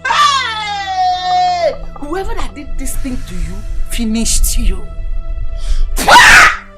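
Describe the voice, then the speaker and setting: An actress playing a domineering middle-aged mother who shouts threats and scolds. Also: extremely high pitch, wildly swooping pitch, very slow, music in the background, exaggerated voice. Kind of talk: Nollywood film acting.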